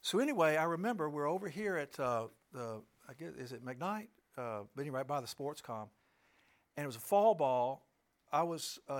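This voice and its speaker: A middle-aged man telling a personal story to an audience, emphatic and asking listeners rhetorical questions. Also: a little high. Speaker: speaker addressing an audience.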